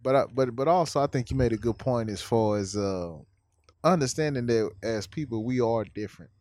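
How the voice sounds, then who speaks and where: A man's voice: medium pitch, brisk, a little mellow, dry recording, clean studio sound. A man, talking casually, asking probing questions and often calling his friend "bro". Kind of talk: casual conversation.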